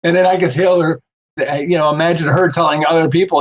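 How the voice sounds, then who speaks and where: A man guesting on a podcast, telling stories in a casual, animated way and acting out the voices of the people he quotes. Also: fairly high pitch, quick pace. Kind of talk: casual storytelling chat.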